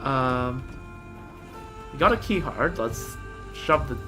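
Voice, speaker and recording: A game streamer with a rumbling low, expressive voice plays through a game, chatting casually, joking, and talking to herself. She takes it slowly, with music playing in the background.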